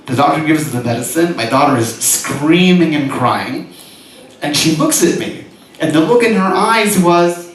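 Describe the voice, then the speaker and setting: With a slightly high voice and lively intonation, a man speaks at a normal speed as a rabbi lecturing to an audience. He tells a personal story with animation and frequent laughter, recorded in an echoey hall with a distant mic and faint noise.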